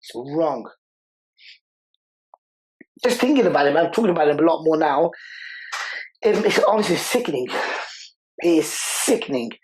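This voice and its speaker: A man's voice: on the high side, expressive, moderate pace, pauses often, darkish tone, a little hiss or hum, poor audio. Passionate man repeating himself. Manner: passionate, repeats words for emphasis. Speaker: podcast guest. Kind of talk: emotional interview conversation.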